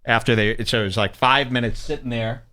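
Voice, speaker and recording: A man's voice: medium pitch, brisk. A middle-aged man from the Chicago suburbs hosting a podcast, telling stories in casual chat and acting out the quotes. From Chicago suburbs, USA. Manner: animated storyteller, acts out quotes. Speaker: podcast host.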